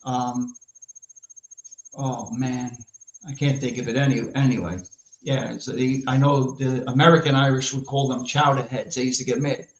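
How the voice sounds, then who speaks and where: A man's voice: mid-range voice, level tone, moderate pace. A man with a New York accent ranting brashly and profanely as a podcast host in casual chat. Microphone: live stream mic. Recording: echoey lo-fi room sound.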